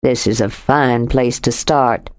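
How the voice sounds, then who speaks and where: A deep, drawling young man, stubborn and tender by turns, voiced by a woman reading an audiobook. He keeps his words low and coaxing, set well below the narrator's own voice. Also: fairly even intonation, takes it slowly.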